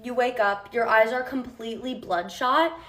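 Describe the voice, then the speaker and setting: A woman narrates a second-person storytime game in a casual, slightly hesitant way. Her voice is a little high. She sounds distant from the mic in a room with a lot of echo. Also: normal speed, sharp tone. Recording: roomy echo, far from mic.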